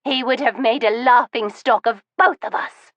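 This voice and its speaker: A woman's voice: normal speed, fairly bright tone, dry recording, muffled recording, close to an everyday voice. A woman voicing a cold, bitter middle-aged wife who holds a gun, speaking icily with wounded resentment. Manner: icy and commanding, turning wounded and shrill. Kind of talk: audiobook reading.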